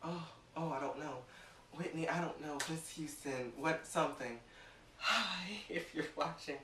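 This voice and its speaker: A man hosting his own vlog in a theatrical, gushing way, swinging from loud outbursts to near-whispers. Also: on the high side, unhurried, recorded from a distance, noisy background. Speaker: vlog host. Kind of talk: excited vlog monologue. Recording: echoey room, voice set back from mic.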